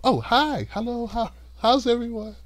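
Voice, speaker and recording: A man's voice: extremely high pitch, lively intonation, normal speed, no echo, voice pushed up. A man doing a screaming bossy woman boss. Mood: sugary sweet. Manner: yelling insults, then switching to a sugary sweet tone. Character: nasty female politician boss, screaming insults at her staff.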